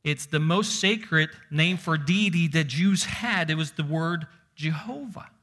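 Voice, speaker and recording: A man's voice: on the high side, a little slow, fairly bright tone. A man preaching a sermon as pastor, emphatic and stressing single words, reading scripture aloud with rising force.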